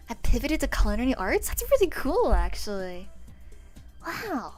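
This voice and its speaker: A woman in her twenties chats loosely with her viewers in an ordinary mid-range voice, swearing freely and breaking into laughter often. Soft music plays faintly behind her. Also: mid-range voice, big pitch swings, moderate pace. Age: 20s. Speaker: livestreamer. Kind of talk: casual chat with stream viewers.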